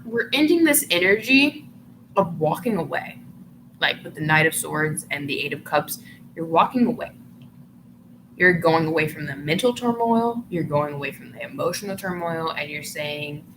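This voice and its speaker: A woman's voice: deep voice, lively intonation, moderate pace. A woman giving a casual tarot reading to her viewers, chatty and full of "like" fillers, who sometimes breaks into giggles. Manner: chatty, filler-heavy, often says "like". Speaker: tarot reader. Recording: noticeable background noise.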